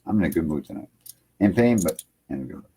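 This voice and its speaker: A man's voice: deep voice, lively intonation, quick pace, warm tone, breathy edge. A man hosting an internet radio livestream, rambling loosely in casual chat from his home computer setup and filling lines with "man".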